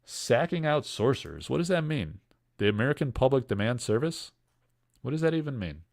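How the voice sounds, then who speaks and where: A man's voice: mid-range voice, very animated, fairly quick, gravelly. A man hosting a casual livestream, joking and rambling while he reads chat comments aloud. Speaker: livestream host selling card breaks.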